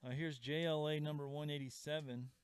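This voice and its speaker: A man's voice: fairly high pitch, steady tone, a little fast, smooth. A man hosting a live sales stream from a comic shop. He chats casually, reads out viewer comments and calls out prices.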